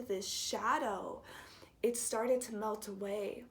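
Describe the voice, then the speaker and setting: Young woman vlogger, heartfelt personal story, gentle and hesitant, occasional whispered phrases. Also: medium pitch, steady tone. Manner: soft, halting and heartfelt, drops into whispers.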